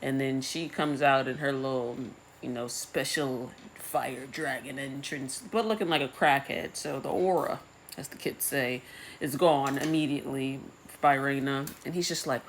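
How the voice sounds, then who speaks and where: A young woman with a remarkably deep voice rambles through a TV episode recap, slangy and swearing in a deadpan way. A faint hum of ambience sits under her casual talk. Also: moderate pace.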